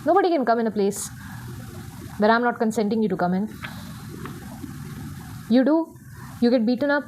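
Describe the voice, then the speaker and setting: A woman's voice: on the high side, animated, moderate pace, pauses often, darkish tone, a little hiss or hum. A young woman giving a casual tarot reading, talking in a rambling, blunt way and swearing freely. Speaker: tarot reader.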